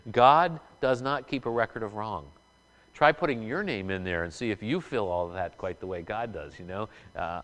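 A man's voice: medium pitch, a bit bright. A man who was a pastor for many years, giving a sermon in a conversational way, with many fillers and restarts. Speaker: former pastor, college representative. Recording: hall reverb.

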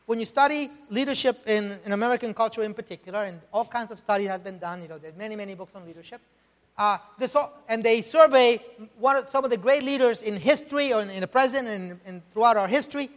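A male pastor preaching a sermon, emphatic, often checking in with "right?" and rhetorical questions. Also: high-pitched. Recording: long hall reverb.

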